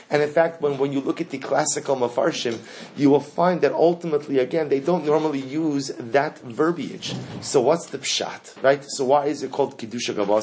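A man's voice: medium pitch, a little hiss or hum. A man teaching a Torah lesson to a class. He asks the students questions and repeats the key phrases.

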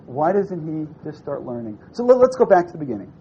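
In a dull, lo-fi classroom recording with a little hiss or hum, a man leads a text study at a quick pace. His voice sits high and carries vocal fry as he reads the source aloud, translates it line by line, and peppers his students with lively, probing questions.

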